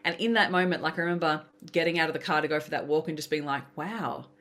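A woman speaking in a slightly low voice, chatting as a podcast guest. She tells stories with energy and acts out the quoted voices. Her talk is casual and flowing. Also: steady tone, quick pace, few pauses, a bit bright. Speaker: podcast guest, business coach. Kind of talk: casual interview chat.

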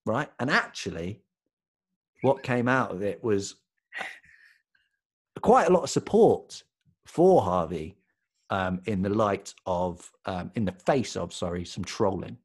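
A British man with a husky, slightly rough voice tells a story on a podcast. His pitch swings widely as he builds up to the funny part. He talks in a loose, casual way and laughs often along the way. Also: expressive, slow, pauses often. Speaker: podcast co-host. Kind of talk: casual chat.

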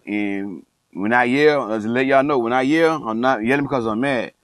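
At medium pitch and a moderate pace, a middle-aged man who coaches and comments online delivers an emphatic, preachy speech. He repeats phrases to hammer his points and labels himself passionate. There's no echo, but the audio is poor.

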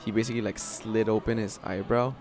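A man hosting a podcast in casual chat, relaxed, reacting with blunt swearing. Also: fairly low pitch, a little fast, music in the background. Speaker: podcast host.

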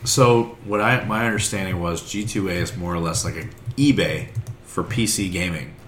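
Really deep-voiced guy, casual podcast banter, swears a lot, echoey with faint background hum. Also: moderate pace. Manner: loose, profane banter. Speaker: podcast co-host. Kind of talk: casual chat. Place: outdoors on a summer day.

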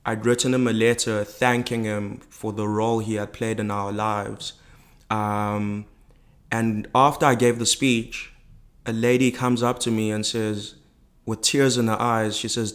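Young male podcast guest from South Africa, low and even delivery, reflective and halting. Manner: reflective, halting, with many fillers. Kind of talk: personal storytelling in a podcast interview.

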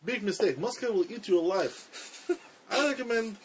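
A man co-hosting a casual comedy podcast, delivering dry, deadpan jokes. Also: high voice, normal speed, slight background noise. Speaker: podcast co-host.

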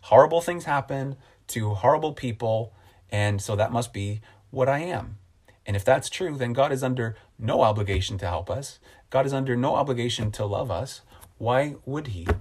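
A man preaching a sermon as a pastor, earnest and repeating phrases for emphasis, slowing down on key lines. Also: medium pitch, husky.

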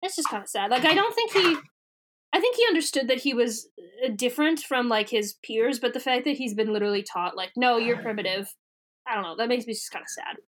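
Animated young woman, high voice. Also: fast. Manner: animated storytelling, acts out characters in silly voices. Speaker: podcast co-host recapping a book. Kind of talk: casual chat.

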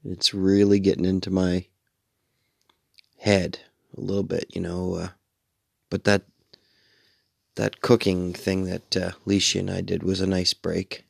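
A man's voice: low voice, monotone, unhurried, creaky, long pauses, no room sound, clean studio sound. A middle-aged man hosting a late-night radio show, tired and sleepy, rambling casually and swearing freely. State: sleepy, yawning.

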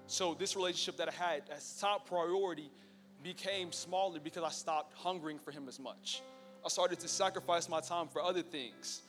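A man's voice: fairly high pitch, fairly bright tone. A young man giving a casual, joking personal testimony to a live church audience. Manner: casual, storytelling, joking with the crowd. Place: church hall. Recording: long reverb in a church hall with faint music.

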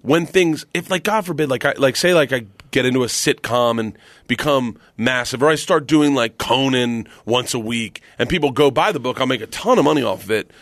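A middle-aged man, a guest comedian, telling stories on a podcast in a casual, animated way, laughing often and acting out what others said. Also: medium pitch, brisk, dry recording. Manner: animated, laughs often, acts out quoted voices.

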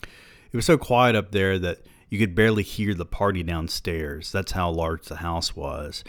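A man hosting a podcast, reading a novel aloud with wry, deadpan asides. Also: low voice, a little slow, no echo. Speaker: podcast host.

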